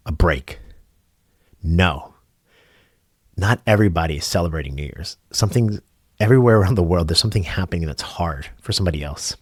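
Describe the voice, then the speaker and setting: Low-voiced man talking earnestly to camera. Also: no room sound, clean studio sound. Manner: earnest, rambling with fillers and restarts. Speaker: rideshare driver and channel host. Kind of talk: casual reflective talk to camera.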